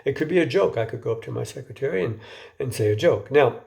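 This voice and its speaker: A man with a mellow, dark-toned voice lectures informally. He keeps his talk conversational and often stumbles into repeated words before he goes on. Now and then he turns to his listeners with a question. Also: medium pitch, lively intonation, fast, vocal fry.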